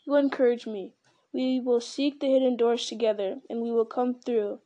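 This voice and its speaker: A woman reading the part of a grave, commanding old male wizard in a firm, measured way. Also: on the high side, steady tone, warm tone, highs cut off, close to an everyday voice.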